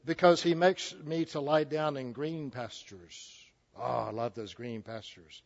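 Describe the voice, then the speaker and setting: A man's voice: medium pitch, unhurried, creaky, lo-fi sound. A man in his sixties delivering a folksy, joking sermon, often restarting his sentences. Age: 60s. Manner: folksy, jokey, with frequent restarts. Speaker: preacher.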